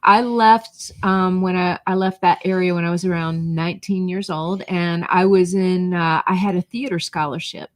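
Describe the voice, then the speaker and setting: A woman's voice: fairly low pitch, steady tone, moderate pace, few pauses, dry recording. A middle-aged woman from North Georgia with a faint, mostly neutralized Southern accent, telling stories in a conversational interview. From North Georgia, USA. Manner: chatty storyteller, laughs easily. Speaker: guest, brand coach and podcast host.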